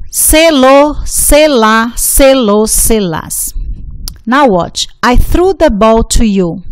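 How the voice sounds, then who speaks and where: A woman teacher walks through a grammar lesson at a slow, careful pace. Her voice sits in an ordinary middle range and comes across dry and close, with no room echo. She hammers each rule home by repeating it. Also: medium pitch, darkish tone. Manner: deliberate, repeats rules for emphasis. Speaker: Spanish teacher.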